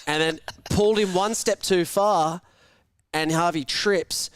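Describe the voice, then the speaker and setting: A young man hosting a live sports watch-along, telling a prank story with lots of swearing and shouted voices for the people in it. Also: fairly high pitch, moderate pace, smooth. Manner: animated, swearing, shouts out voices in his stories. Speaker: host.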